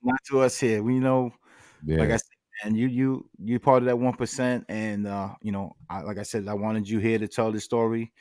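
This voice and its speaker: A man's voice: lowish voice, steady tone, normal speed, darkish tone, no room sound. A man hosting a casual chat, playful and slangy as he teases his guest. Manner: playful, joking, slangy banter. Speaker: host.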